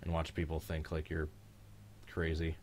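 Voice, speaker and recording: A young man hosting a live-streamed race reaction, joking and excitable in casual commentary. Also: rumbling low, moderate pace, a little hiss or hum. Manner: joking, excitable, mild swearing. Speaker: host of a live-streamed racing reaction show.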